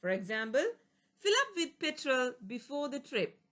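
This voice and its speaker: A woman's voice: high voice, very animated, moderate pace, a bit bright. A woman reading an English vocabulary lesson, going through word lists, each with a plain explanation and an example sentence. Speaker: English teacher.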